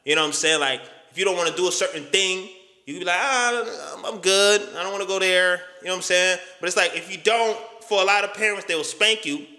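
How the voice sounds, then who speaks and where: A man's voice: sits high, fast talker, sharp tone, echoey room. A man giving a casual motivational talk in street slang, emphatic and profane. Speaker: motivational YouTuber.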